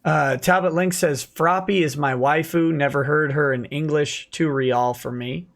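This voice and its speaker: A man's voice: a little high, steady tone, unhurried, vocal fry. A man hosting a casual late-night livestream, reading viewer comments aloud and answering them with dry quips.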